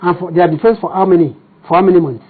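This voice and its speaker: A man's voice: sits high, fairly even intonation, rapid-fire, husky, phone-quality sound. A Nigerian-accented man speaking as a party spokesman in a TV interview, combative and firing off rhetorical questions.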